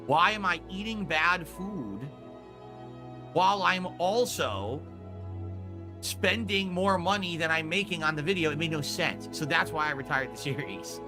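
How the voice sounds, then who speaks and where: Man, streamer, profane scolding rant, slightly high voice, faint music. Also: expressive, a little slow.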